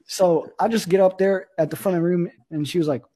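Husky young man telling a comic story. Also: high-pitched, a little fast. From Russia. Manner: profane, deadpan, animated quoting. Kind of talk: comedic storytelling.

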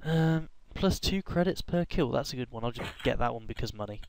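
A young man casually chatting over a game, wandering from joke to joke and humming to himself. His voice sits at an ordinary middle pitch. A steady hiss of noise sits under the home recording. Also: brisk, low-quality recording. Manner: rambling, joking, random outbursts and humming. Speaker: gaming YouTuber. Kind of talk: casual gameplay commentary.

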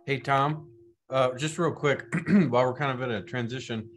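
A man's voice: mid-range voice, normal speed. A man moderating a webinar, passing on audience questions in a casual way with many fillers.

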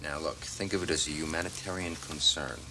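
Brash sardonic American cop, low voice, noisy old TV sound. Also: male voice, steady tone, a little fast. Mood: casual. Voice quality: sardonic, blunt. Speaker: police detective. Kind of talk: 1980s TV crime drama acting.

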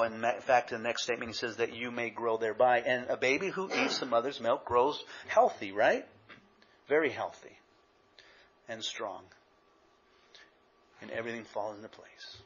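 A man's voice: mid-range voice, a bit bright, slightly rough, muffled recording. A man, an associate pastor, preaching a conversational sermon with anecdotes.

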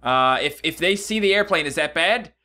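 Bright excitable man playing a game. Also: moderate pace. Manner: excitable, jumps to high yelps when things go wrong. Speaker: gaming YouTuber. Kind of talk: casual gameplay commentary.

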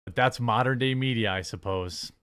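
A man's voice: mid-range voice, normal speed, fairly bright tone, clear, resonant tone. A man co-hosting a casual commentary chat, talking in a blunt, offhand and dismissive way.

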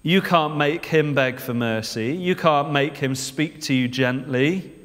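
A man's voice: fairly high pitch, measured pace, fairly bright tone. A male preacher giving a sermon in a conversational way, often putting rhetorical questions to the congregation. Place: church. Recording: long church reverb.

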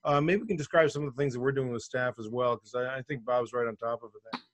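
A man's voice: medium pitch, fast. A man hosting a webinar for periodontists over a video call, prodding his guest with questions and moving the discussion along. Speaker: host and periodontist. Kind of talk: moderating a webinar.

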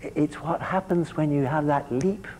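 A man gives a university lecture in a mellow, dark voice. He often stumbles and repeats a word before going on, and he keeps turning to the students with questions. A faint hiss sits under the recording. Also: a little high, moderate pace, low-quality recording. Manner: repeats words as he restarts and quizzes the class.

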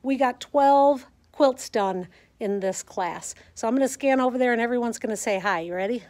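Talking to viewers as she films, a quilting teacher guides them through a classroom quilt show at a sewing center in a casual, chatty, enthusiastic way. She has a Midwestern American accent and a voice on the high side with a darkish tone, moving at a moderate pace.

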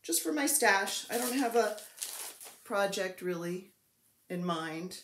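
A woman chatting casually as a cross-stitch vlogger, excitable and playful as she gushes over her purchases. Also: mid-range voice, takes it slowly, slight background noise. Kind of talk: casual show-and-tell chat. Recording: roomy echo.

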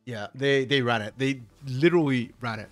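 A man's voice: mid-range voice, normal speed. A man co-casting an esports stream in a laid-back, wry casual chat. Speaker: esports co-caster.

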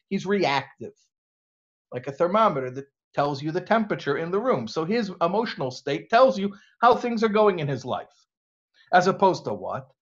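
A man's voice: fairly high pitch, fairly bright tone, dull audio. American man giving an engaging lecture. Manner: engaging, asks rhetorical questions. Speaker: rabbi speaking to students. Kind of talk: conversational lecture.

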